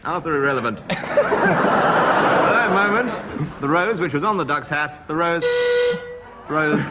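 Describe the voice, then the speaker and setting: A man on a radio comedy panel, improvising a story in an unhurried, musing way. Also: a little high, big pitch swings.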